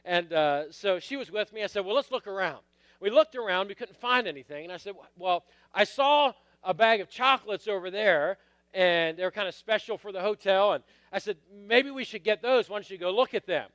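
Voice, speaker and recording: Middle-aged guy preaching, lots of acted-out quotes, dry close mic, crisp tone. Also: high-pitched, expressive, normal speed, a bit bright, dry recording. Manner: storytelling with acted quotes, calls out to the congregation. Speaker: pastor. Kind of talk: sermon.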